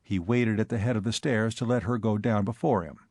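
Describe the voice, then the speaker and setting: A man narrating a comic novel as an audiobook, expressive and wry. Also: on the low side, a little fast, no echo, clean studio sound. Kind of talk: scripted narration of comic fiction.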